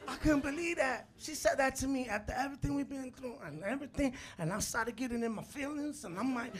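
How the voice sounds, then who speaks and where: High-voiced man doing loud stand-up. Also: quick pace, few pauses. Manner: animated, acts out scenes, shouts punchlines, drops Spanish words. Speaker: stand-up comedian. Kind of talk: live stand-up set. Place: comedy club stage. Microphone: handheld stage mic. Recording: live club recording with crowd noise. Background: laughing audience.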